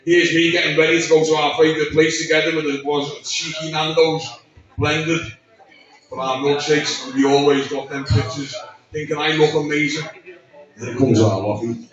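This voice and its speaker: A man reads out a tribute at a gathering, his voice slightly raised in pitch, halting often and swearing as he fights back tears. He sounds distant from the mic, with heavy echo from the room. The sound is muffled and dull. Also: steady tone, crowd noise. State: emotional, close to tears. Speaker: speaker at a memorial birthday gathering. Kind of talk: emotional tribute speech read aloud.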